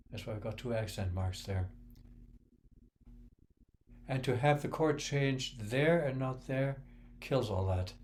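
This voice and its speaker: A man gives an unhurried music lesson, counting out beats and humming short rhythms as he goes. His voice is mellow and dark, and he speaks slowly and thoughtfully. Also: medium pitch, slight background noise. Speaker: music teacher.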